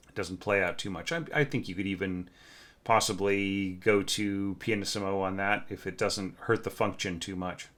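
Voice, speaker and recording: An orchestration teacher with a low, slightly bright voice reviews scores at a normal speed. He critiques them casually, thinking aloud with plenty of fillers and frequently humming the parts he's reading.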